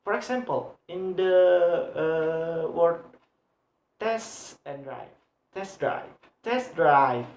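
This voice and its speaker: Young male student presenter. Slow, halting delivery full of fillers, repeats examples, recorded in a roomy echo. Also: on the high side, expressive, gravelly, darkish tone. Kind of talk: explaining grammar in a class video.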